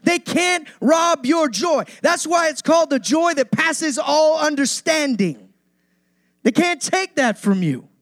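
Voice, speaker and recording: A man's voice: very high voice, no echo, clean studio sound. A male pastor preaching a sermon to his church, driving points home with repetition and rising emphasis.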